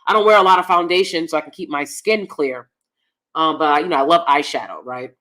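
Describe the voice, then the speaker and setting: A woman with a fairly low voice hosts a laid-back livestream, reading out viewer comments. She talks in an emphatic, opinionated way and repeats points for stress. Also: a little fast, a bit bright. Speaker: host.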